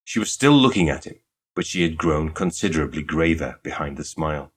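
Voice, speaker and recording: A male audiobook narrator reading a classic detective story in a measured, even manner. His voice sits very low with a husky edge. The delivery is calm and unhurried throughout. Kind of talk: scripted narration.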